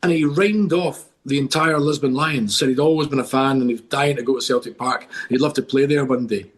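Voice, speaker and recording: In a medium-pitched voice, a little fast, a middle-aged Scotsman guests on a casual podcast. He's an eager, rambling storyteller who keeps restarting as he spins long tales.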